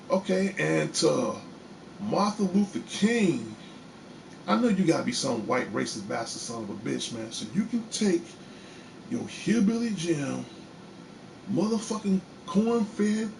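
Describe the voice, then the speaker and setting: Man from Chicago, fairly high voice, gravelly, angry and defiant, profane livestream rant from a bedroom. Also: darkish tone, a little hiss or hum. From Chicago, USA. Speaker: live show host.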